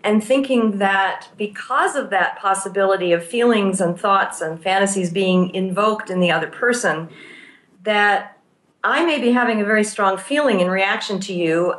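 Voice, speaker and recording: A woman's voice: mid-range voice, fairly bright tone. Thoughtful woman therapist, roomy sound. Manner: thoughtful, explains through worked examples. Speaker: therapist and teacher of pastoral care. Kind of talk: explanatory interview conversation.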